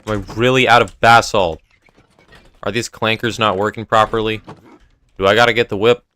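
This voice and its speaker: Young guy streaming, really deep voice, sore throat, rambly chat with viewers. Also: flat delivery, normal speed, sharp tone. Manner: rambling, talks to chat between game tasks. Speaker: live streamer. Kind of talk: casual live-stream chat while gaming. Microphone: desk mic with noise gate.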